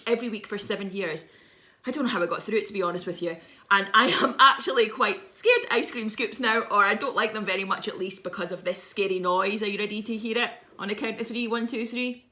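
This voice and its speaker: A woman's voice: mid-range voice, quick pace, bright, forceful tone. A woman in her thirties, a visiting children's author, telling a playful, dramatic story to schoolchildren over a video message.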